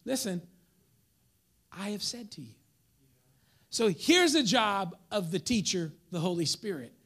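A man preaching a sermon as pastor, swinging between loud emphatic lines and hushed whispers while acting out members of the congregation. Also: high-pitched, animated, a little slow.

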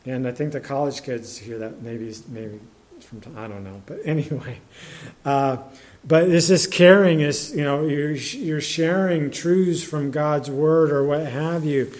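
Preacher, male, slightly higher-pitched voice, loose and chatty delivery full of restarts. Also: a little mellow. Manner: conversational, halting, many restarts and fillers; reads scripture in older English. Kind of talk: sermon.

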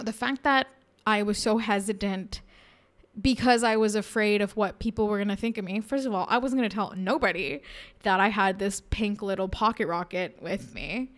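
A woman's voice: medium pitch, clean tone. A young woman from India talking frankly in a candid personal monologue, laughing often and sounding a bit self-conscious.

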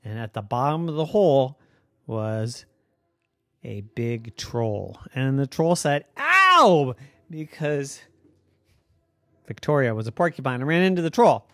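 A parent telling an improvised bedtime story in a playful, unhurried way. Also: mid-range voice, darkish tone, no room sound, studio quality.

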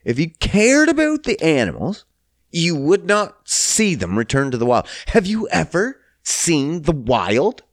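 Man, fairly high voice, ranting and cursing with big swings in pitch, dry sound. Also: wildly swooping pitch, unhurried, dry recording. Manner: heated, blunt, swears a lot. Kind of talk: profane ranting monologue.

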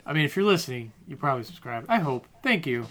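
Male podcast host, bright tone, easygoing rambling chat. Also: on the high side, very animated, quick pace. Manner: laid-back, rambling with fillers. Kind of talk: casual chat.

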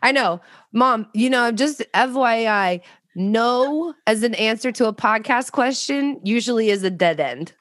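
Lively, animated woman podcast host. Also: a little high, unhurried, no echo, clean studio sound. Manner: animated, laughing, full of fillers. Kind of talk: casual chat.

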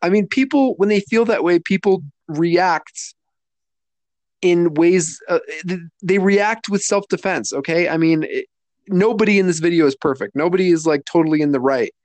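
Higher-voiced man explaining, dry sound. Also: normal speed, darkish tone, no room sound. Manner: explains carefully, restarts and clarifies. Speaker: podcast co-host. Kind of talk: casual commentary chat.

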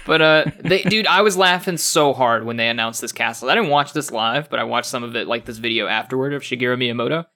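A young man co-hosting a casual gaming podcast, animated and laughing often, with lots of fillers and restarts. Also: medium pitch, fast talker, hardly any pauses. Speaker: podcast co-host.

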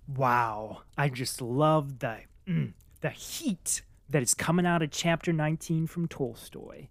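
A speaker reading a chapter of a classic novel aloud, then chatting about it casually and excitedly, with lots of "like"s and acted-out reactions. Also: mid-range voice, slow pace, hardly any pauses. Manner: excitable, many filler "like"s, acts out its own reactions.

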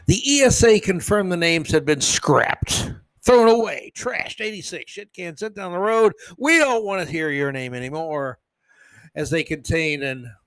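A man hosting a podcast, ranting in a sarcastic, mock-outraged comedic monologue. His voice sits a little high and he mocks freely. The sound is dry and close-miked with no room echo. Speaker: podcast host.

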